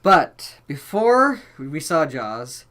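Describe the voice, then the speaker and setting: A man co-hosting a live horror movie stream, relaxed and joking, laughing often. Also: on the high side, drawn-out words. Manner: laid-back, laughing, joking. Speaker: horror YouTube co-host. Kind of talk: casual live-stream chat.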